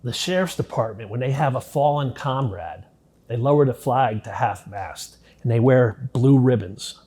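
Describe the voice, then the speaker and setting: A middle-aged man telling his own life story in an interview, speaking candidly, swearing casually and dropping very low at the darkest parts. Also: normal speed. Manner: candid, drops to near-quiet at grim moments, swears casually. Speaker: interview guest.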